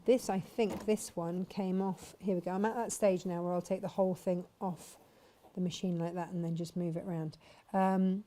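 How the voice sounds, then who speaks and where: A woman's voice: on the low side, fairly even intonation, moderate pace, dark tone, slight background noise. Chatty woman teaching sewing. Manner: chatty, rambling, answers viewers' questions. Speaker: sewing teacher and shop host. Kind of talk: casual live sewing demonstration.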